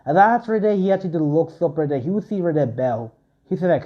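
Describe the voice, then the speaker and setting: A man's voice: fairly high pitch, a little fast, highs cut off. A young man improvising a fan story narration, rambling with heavy fillers.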